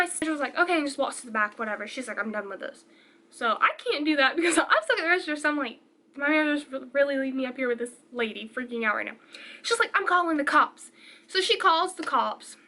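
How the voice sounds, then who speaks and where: A young woman chatting through a storytime vlog, retelling a scene and acting out the people in it. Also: high voice. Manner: chatty, animated retelling with quoted voices. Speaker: vlogger. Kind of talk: casual storytime.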